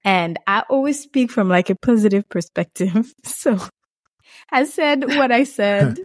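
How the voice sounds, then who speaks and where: A woman's voice: on the high side, lively intonation, a little slow, no room sound, clean studio sound. A woman from Burundi co-hosting a podcast, playful and laughing as she defends herself in casual chat. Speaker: podcast co-host.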